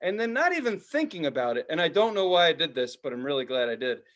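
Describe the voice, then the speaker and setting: A man co-hosting a podcast, telling a profane, animated story in casual chat, now and then shouting loudly. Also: fairly high pitch, quick pace, lo-fi sound. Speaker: podcast co-host.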